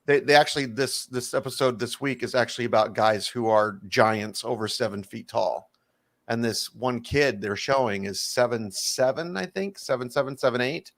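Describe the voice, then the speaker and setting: A man co-hosting a morning show, chatting casually with his co-hosts. He tells his stories with energy and jokes, circling back to earlier bits. His voice sits at an ordinary pitch for a man. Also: moderate pace. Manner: animated, jokey storyteller who riffs on callbacks. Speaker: radio show co-host.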